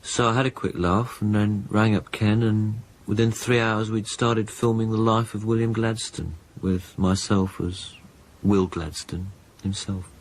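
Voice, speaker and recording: An actor voices a dry, unflappable musician telling his story in a spoof interview. His voice sits low and he delivers everything matter-of-factly. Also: flat delivery, unhurried, few pauses, a little hiss or hum, rough recording. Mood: deadpan. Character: deadpan male pop musician being interviewed.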